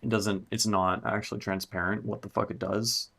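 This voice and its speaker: A man's voice: lowish voice, little pitch movement, normal speed, creaky, a bit bright. A young man, a music producer on a live stream, thinking aloud and swearing in frustration as he fixes a mix. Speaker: music producer streaming his mixing session. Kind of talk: casual live-stream talk.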